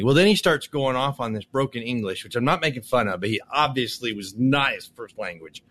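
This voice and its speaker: Male podcast co-host, casual exasperated ranter, heavy swearing, mid pitch. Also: lively intonation, normal speed, fairly bright tone. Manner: profane, exasperated storytelling with put-on quoted voices. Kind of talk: casual ranting chat.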